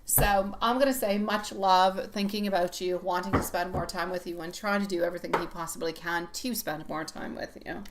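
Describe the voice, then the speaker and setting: A woman's voice: on the low side, fairly even intonation, moderate pace, hardly any pauses, a little hiss or hum. A woman giving a live-streamed tarot reading, chatty and rambling, often laughing as she talks. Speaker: tarot reader.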